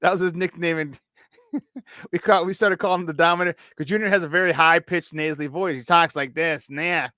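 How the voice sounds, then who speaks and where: A man hosting a morning sports talk show in casual chat, animated and jokey, laughing often and tripping over his words. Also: on the high side, brisk, dry recording. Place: radio studio.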